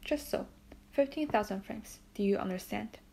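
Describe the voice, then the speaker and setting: A woman reading the part of a suave, probing count in an audiobook, with measured questions. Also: mid-range voice, creaky, dark tone.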